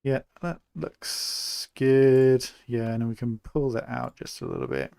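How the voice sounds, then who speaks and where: A young man from England giving relaxed, chatty live commentary while he plays a city-building game, thinking aloud as he goes. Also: medium pitch, unhurried, creaky, clean tone, dry recording. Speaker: streamer.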